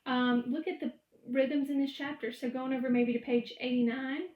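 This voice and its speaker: A woman music teacher records a lecture at home, walking through rhythm patterns step by step. Her voice sits high, and the room around her is noticeably echoey. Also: fairly even intonation, moderate pace, dull audio. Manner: explains step by step, chants rhythm syllables.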